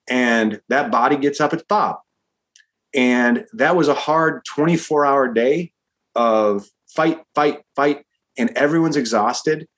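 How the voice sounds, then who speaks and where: A man, a screenwriter being interviewed, talking in an energetic, rambling way and calling the host dude and man. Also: medium pitch. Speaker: screenwriter guest. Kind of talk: casual interview chat.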